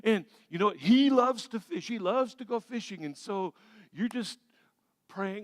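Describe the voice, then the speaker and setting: High-voiced animated pastor. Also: male voice, a little slow, no room sound. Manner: animated, acts out little scenes with shifting energy. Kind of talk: sermon. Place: large church sanctuary.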